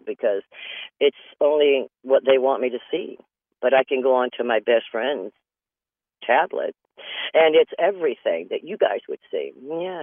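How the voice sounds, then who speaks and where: A man's voice: a little high, creaky, no echo. A man hosting a comedy show, talking through a rambling comedic monologue from a closet over the phone and laughing at his own jokes. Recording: tinny phone line, dry small space.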